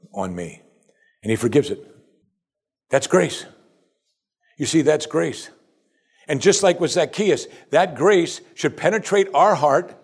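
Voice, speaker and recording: Pastor preaching, dramatic pitch swings. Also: male voice, husky. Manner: rising to emphatic peaks, then dropping to soft and quiet; asks the congregation repeated rhetorical questions. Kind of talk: sermon.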